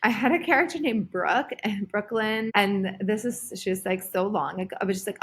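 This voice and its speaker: A woman in her thirties talking casually as a podcast guest, animated, with lots of "like" and "um". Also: medium pitch, moderate pace, few pauses, husky. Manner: animated, full of fillers like "like" and "um". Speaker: guest, performer and creative director.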